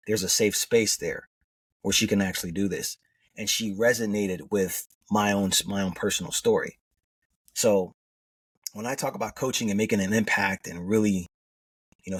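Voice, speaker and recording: A man's voice: on the low side, husky, no room sound, recorded from a distance. A middle-aged man, a transformation coach, telling personal stories earnestly in a podcast interview and often saying "man".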